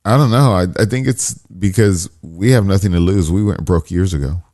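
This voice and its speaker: A man's voice: sits low, normal speed, dark tone. A man co-hosting a podcast in casual, rambling banter, swearing a lot. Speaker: podcast co-host. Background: music.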